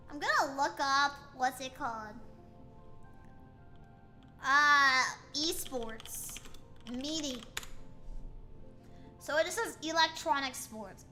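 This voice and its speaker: High bright-voiced american girl streamer, chatty and teasing, bit of music in the background. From United States. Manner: chatty, questioning, playful teasing. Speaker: VTuber streamer. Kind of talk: casual livestream chat reading chat aloud. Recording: faint music behind.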